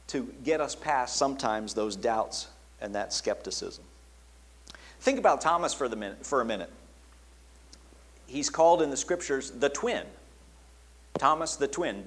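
A man preaching a sermon in an earnest tone, dropping soft and quiet when he quotes the words he attributes to Jesus. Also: medium pitch, slightly rough. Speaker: pastor.

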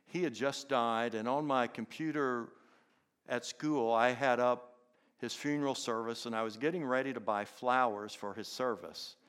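Animated storytelling man, mid-pitched. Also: normal speed, clean tone. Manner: animated, jumps into high excited voices for characters, then drops soft and hushed. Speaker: teacher and inspirational speaker. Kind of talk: storytelling testimony.

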